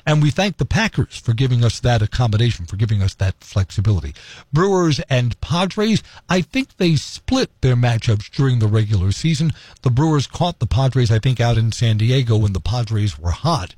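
A man hosting a morning radio show, hoarse from losing his voice, chatting. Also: medium pitch, big pitch swings, normal speed, a little mellow, no echo. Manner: chatty, rambling with fillers. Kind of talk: casual radio talk. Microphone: studio microphone.

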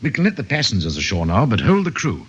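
An actor playing a brisk, shrewd male police inspector giving crisp orders in an old radio drama. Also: on the low side, wildly swooping pitch, highs cut off, exaggerated voice. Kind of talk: 1950s radio drama acting.

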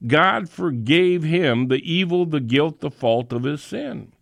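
A man delivering a sermon in a slow, unhurried way, stressing his scripture readings with deliberate emphasis. His voice sits at a middle pitch and sounds close and dry, with little room sound. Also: expressive, vocal fry, a bit bright, no echo. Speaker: preacher and Bible teacher.

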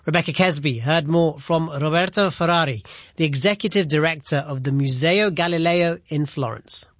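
A man presenting a radio news programme in a measured, formal way. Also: on the high side, a bit bright, dry recording, studio quality.

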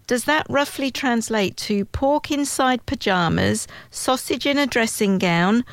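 A woman's voice: fairly high pitch, measured pace, no room sound. A woman hosting a radio show, reading out trivia and guests in a friendly, casual way with frequent laughs. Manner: bright and friendly, laughs often. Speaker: radio host.

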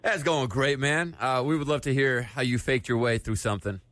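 A man's voice: mid-range voice, fairly even intonation, brisk, a bit bright. A man hosting a morning radio show, upbeat and jokey, laughing often as he chats with callers.

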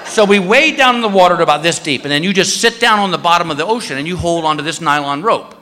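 A stand-up comedian, a man, telling an animated story and acting out voices and screams on a live stage. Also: fairly high pitch, quick pace, slight background noise. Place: comedy stage before an audience. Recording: live stage in a hall with crowd laughter.

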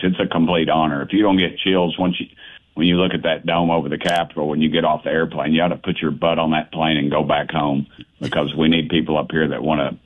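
A man talks in a folksy, blunt, plainspoken way. His voice is very low. He comes through a tinny, narrow phone line. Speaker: congressman, radio guest. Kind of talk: phone-in radio interview.

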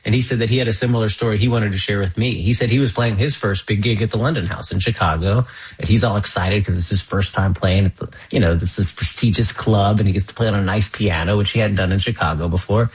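Very husky man telling a story. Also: fairly low pitch, fast, low-quality recording. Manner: warm anecdotal telling, laughs often. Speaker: interviewer and pianist. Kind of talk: conversational storytelling.

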